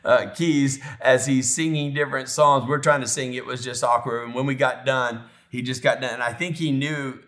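A middle-aged man preaching as a pastor, telling a personal story with animated, emotional delivery that sinks to soft, tender tones. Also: mid-range voice, moderate pace, few pauses. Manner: emotional, animated storytelling, drops to near whisper when tender. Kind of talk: sermon storytelling.

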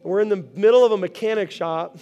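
A male pastor giving a sermon, telling stories in an animated way and often asking the congregation questions. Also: high-pitched, quick pace, faint music behind. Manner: animated storytelling, often asks the crowd.

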